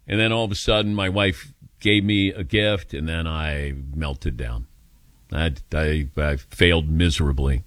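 An older man hosting a radio call-in show, telling stories about himself in a relaxed, self-mocking way. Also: a bass voice, a little slow, dry recording. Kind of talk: casual radio talk with callers.

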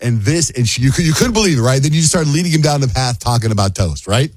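A man's voice: medium pitch, lively intonation, fast, darkish tone, breathy edge, no room sound. A man hosting a radio show in casual chat, upbeat and teasing as he recaps a caller's story. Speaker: radio host. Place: radio studio.

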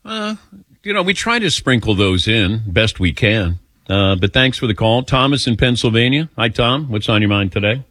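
Male talk radio host, lowish and animated, quick to laugh at himself, dry sound. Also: dry recording. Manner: laughs readily, self-mocking. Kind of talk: casual call-in chat.

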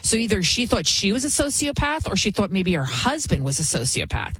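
Indignant husky-voiced woman host. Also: mid-range voice, very animated, fairly quick, fairly bright tone, dry recording. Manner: indignant, emphatic, repeats phrases for effect. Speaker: commentary show host. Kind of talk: opinionated commentary.

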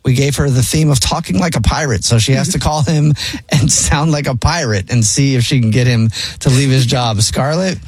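Male radio host, upbeat setup, husky voice, dry close sound. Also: medium pitch, moderate pace, no echo, rough recording. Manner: upbeat, explaining the setup with laughs. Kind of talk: radio show segment intro.

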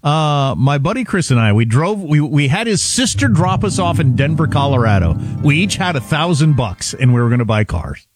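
A man's voice: on the high side, sing-song, moderate pace, hardly any pauses, loud music behind the voice. A middle-aged man co-hosting a talk radio show, telling stories casually and laughing often.

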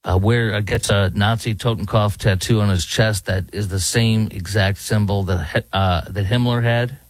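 A man's voice: on the low side, fairly even intonation, moderate pace, no room sound. A man hosting a talk show, ranting in opinionated political commentary and now and then mocking people with impressions. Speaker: talk radio host. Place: Dallas.

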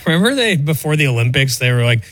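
A man's voice: fairly high pitch, big pitch swings, brisk, a bit bright, no room sound. A man chiming in as a radio co-host, offhand and wry, with dry humor. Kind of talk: casual chat.

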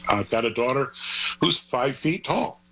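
A man's voice: medium pitch, very animated, unhurried, a bit bright, poor audio. An older man, a grandfather, talking as an author guest in an interview, rambling and earnest in a digressive way. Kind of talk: conversational interview.

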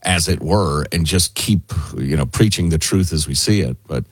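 A man's voice: extremely low pitch, normal speed, husky, dry recording. A man co-hosting a talk radio show, joking in wry asides. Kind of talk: casual talk radio banter.

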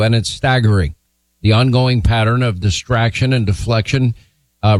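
A man's voice: mid-range voice, dry recording. A man hosting a cable news interview, speaking with a firm, pointed delivery. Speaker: TV news host.

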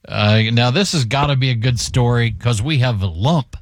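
A man's voice: medium pitch, normal speed, no echo. A male radio host bringing on callers and chatting with them in a friendly way. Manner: friendly, takes calls. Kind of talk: call-in radio talk.

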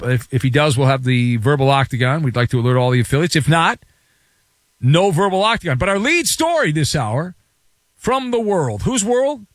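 A man hosting a sports talk radio show, riffing through a theatrical, jokey monologue. His voice is on the high side and jumps around wildly in pitch. The studio mic sounds close and dry. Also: a bit bright, dry recording.

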